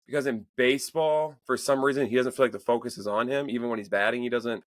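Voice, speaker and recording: A man's voice: mid-range voice, fairly even intonation, quick pace, no echo. A man in his thirties co-hosting a podcast, telling exasperated stories about his son in a casual, swearing chat. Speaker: podcast co-host.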